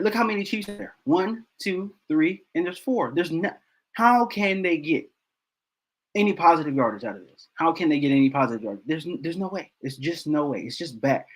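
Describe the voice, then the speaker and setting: A man walks through football game film in casual commentary, repeating points over and over in exasperation. His voice is husky and sits a bit high for a man. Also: fairly bright tone, low-quality recording. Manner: exasperated, repeats himself for emphasis. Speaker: host of a football film breakdown channel.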